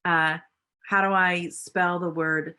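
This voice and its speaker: A woman's voice: on the low side, flat delivery, bright, forceful tone, clean tone. Woman teacher sounding out phonemes. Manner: explains patiently, sounds out phonemes slowly. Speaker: literacy teacher trainer. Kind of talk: instructional talk.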